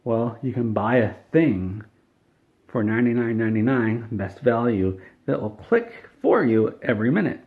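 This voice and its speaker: A man voicing a gloomy middle-aged male game studio boss who mumbles and whines, swinging between glum and excited. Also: medium pitch, moderate pace, lightly acted. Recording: tinny phone-like sound.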